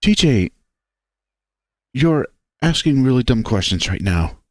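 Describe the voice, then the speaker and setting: A man's voice: medium pitch, very animated, slow, no room sound, clean studio sound. Man doing an angry lovesick furry guy. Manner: pushy, swearing, voice breaking.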